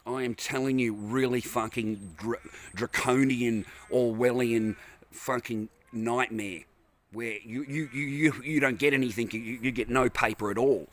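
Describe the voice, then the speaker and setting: A man's voice: mid-range voice, fairly even intonation, measured pace, a bit bright. An Australian man ranting angrily in a vlog from his car, profane and repetitive. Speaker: vlogger. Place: in a parked car.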